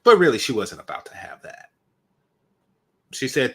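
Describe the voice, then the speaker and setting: A man's voice: medium pitch, very animated, normal speed, creaky, long pauses, fairly bright tone, breathy edge. A man hosting a reaction channel, giving opinionated commentary with emphatic repetitions. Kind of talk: commentary on a video.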